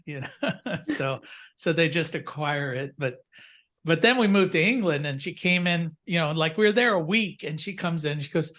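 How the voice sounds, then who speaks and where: An older man talks to his class over a video call in a slightly raised pitch. He wanders through anecdotes, stopping and restarting with plenty of ums and you-knows. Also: normal speed, fairly bright tone. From United States. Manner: rambling, anecdotal, many fillers and restarts. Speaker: instructor. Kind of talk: casual classroom storytelling.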